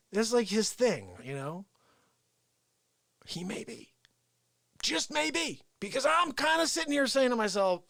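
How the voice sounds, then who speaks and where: A man hosting a live show, telling an animated story and acting out quotes, dropping into whispers and then shouting. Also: high voice, measured pace, gravelly, long pauses, no echo, studio quality. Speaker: host of a daily live variety show. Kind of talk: unscripted live-stream monologue. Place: small room with speaker and organ.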